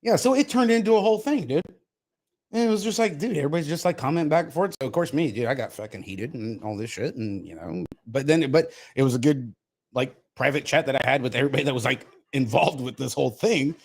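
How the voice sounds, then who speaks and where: A man's voice: mid-range voice, animated, fast. A man hosting a podcast, ranting in a heated, profane, casual way. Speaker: podcast host. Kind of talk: casual chat.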